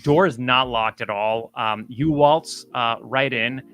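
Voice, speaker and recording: A game master narrates a tabletop scene at a middling pitch. The delivery is halting, with frequent "um" and "uh" while each step is described. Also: a bit bright, faint music behind.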